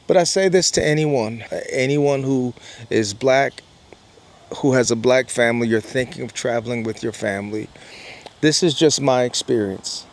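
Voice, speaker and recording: A man's voice: medium pitch, normal speed. Earnest man telling a travel story. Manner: earnest, emphatic retelling with lots of quoted dialogue. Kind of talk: personal storytelling to camera.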